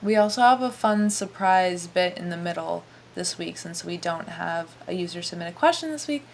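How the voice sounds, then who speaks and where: A woman's voice: lowish voice, animated, normal speed, creaky, a little hiss or hum. A young woman co-hosting a casual podcast chat, laid-back and giggly, trailing off with fillers. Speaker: podcast co-host.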